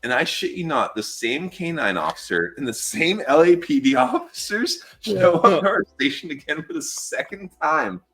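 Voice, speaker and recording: A man's voice: a little high, moderate pace, few pauses. An American man in his thirties, a fire patrol worker and podcast guest, telling stories casually, swearing freely and saying "dude" a lot. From United States. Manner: animated, swears freely, says "dude" often. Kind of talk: casual storytelling.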